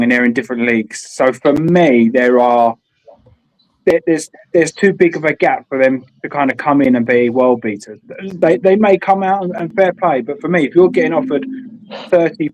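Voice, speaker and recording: A man arguing his opinions forcefully as a guest on a casual fan show. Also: a little high, rough recording. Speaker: panel guest. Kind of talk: casual fan podcast chat.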